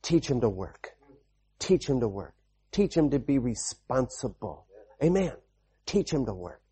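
Husky-voiced man preaching to children. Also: mid-range voice, measured pace. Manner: animated, repetitive, with call-and-response amens. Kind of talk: children's sermon storytelling.

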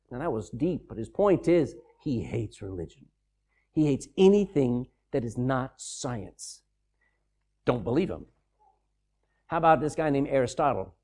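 A man preaching a sermon, animated and emphatic, with mocking, sarcastic asides. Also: medium pitch, a little slow, pauses often.

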